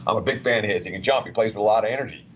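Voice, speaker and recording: A man's voice: fairly low pitch, very fast, highs cut off, a little hiss or hum. A man giving sports betting analysis in a chatty, conversational way. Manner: chatty, reads out quotes.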